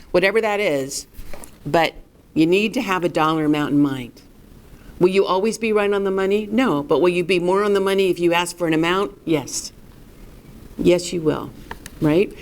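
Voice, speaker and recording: A woman's voice: fairly low pitch, moderate pace. A middle-aged woman presenting a recorded workshop lesson in an emphatic, coaching way, asking and answering her own questions.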